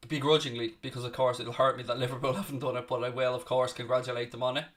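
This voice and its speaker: Earnest bright-voiced man on a football stream. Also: mid-range voice, level tone, fast talker, far from the mic. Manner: conversational, earnest, with frequent restarts while reading questions and calling play. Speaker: watchalong host and Liverpool fan. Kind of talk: live football watchalong chat answering viewer questions.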